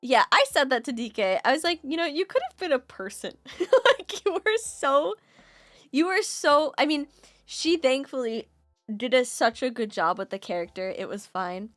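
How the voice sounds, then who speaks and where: A young adult woman streamer in casual chat, animated, often laughing and swearing as she tells a story. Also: high voice, measured pace, no room sound, faint music behind.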